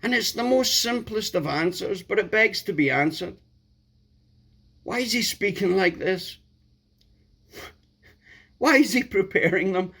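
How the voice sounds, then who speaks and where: A man preaching a sermon, emphatic, repeating key words and building to loud outbursts. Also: high voice, animated, unhurried, pauses often, slightly rough.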